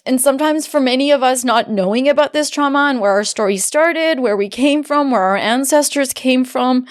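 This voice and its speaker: A woman in her forties hosting a podcast, talking in a reflective, heartfelt way and often pausing to search for words. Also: high voice. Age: 40s. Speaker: podcast host. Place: podcast studio, seated across from guest.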